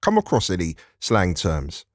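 A man's voice: deep voice, wildly swooping pitch, unhurried, no echo. Male radio host, friendly casual phone-in chat in a dry studio. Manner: friendly, casual, a few hesitations. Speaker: radio presenter.

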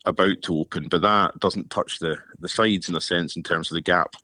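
A man speaks earnestly as a radio interview guest, often repeating words as he works through a point. His voice is very low. The sound is dry and close to the mic. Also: fairly even intonation, moderate pace, bright, forceful tone, husky, dry recording. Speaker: charity policy director, interview guest.

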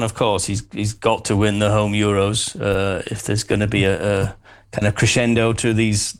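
A man speaking firmly and deliberately as a sports radio pundit, pausing on fillers. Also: lowish voice, clean tone. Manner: firm, deliberate, hesitant fillers. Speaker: studio pundit. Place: radio studio.

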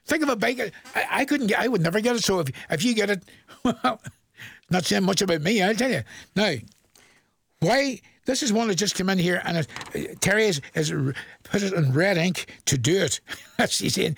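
An older man with a Northern Irish accent hosts a rambling radio request show and chuckles at his own jokes. His voice sits high and carries a gravelly edge. He is close on a dry studio microphone. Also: expressive, moderate pace, dry recording. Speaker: radio presenter.

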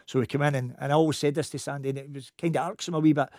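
A man's voice: on the high side, rapid-fire, dry recording, clean studio sound. A man with a Glasgow accent, a football coach telling a funny story in a casual chat. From Scotland. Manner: lively anecdotal storyteller.

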